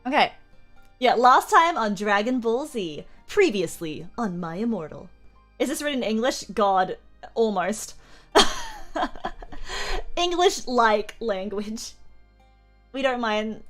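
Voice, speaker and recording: A woman's voice: fairly high pitch, big pitch swings, slow pace, pauses often, a bit bright, soft background music. A young woman streamer reading a story aloud for laughs, giggly and mock-dramatic, with chatty asides. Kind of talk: comedic live-stream reading.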